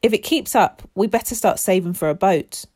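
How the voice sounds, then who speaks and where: A woman's voice: mid-range voice, normal speed, a little mellow, close to an everyday voice. A woman voicing an eager young boy showing off his knowledge in a children's story. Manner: eager, know-it-all. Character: show-off boy keen on facts.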